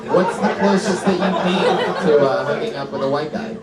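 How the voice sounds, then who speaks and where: A man's voice: a little high, brisk. A man hosting a live comedy podcast, interviewing a comedian on stage and teasing her with questions between laughs. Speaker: host. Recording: echoey live venue, mic far, loud crowd.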